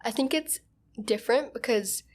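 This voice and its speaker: A woman's voice: a little high, normal speed. A woman co-hosting a podcast, chatting in an easygoing, reflective way and saying "like" often. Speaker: podcast co-host. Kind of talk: casual chat.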